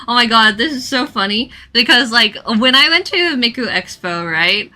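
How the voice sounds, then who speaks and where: A woman's voice: fairly high pitch, normal speed. A young woman chatting casually on a drawing livestream, telling stories with lots of giggles. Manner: giggly, animated storytelling with frequent laughs. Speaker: artist streaming a live drawing session.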